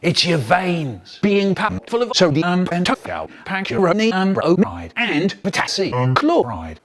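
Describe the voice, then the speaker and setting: An older man, telling a spliced comic story in an animated, exaggerated storyteller's manner. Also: high-pitched, unhurried, a loud crowd. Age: 70s. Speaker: children's poet.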